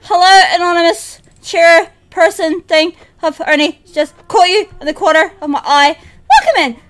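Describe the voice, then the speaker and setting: A woman streams a horror game with live commentary, talking to her chat, jumpy and prone to shrieks and repeating herself. Her voice is very high-pitched at a normal speed.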